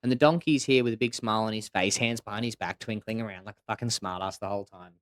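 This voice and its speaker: Low-voiced, profane storytelling man. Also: fairly even intonation, quick pace, fairly bright tone, dry recording. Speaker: co-host. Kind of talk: casual podcast chat and storytelling.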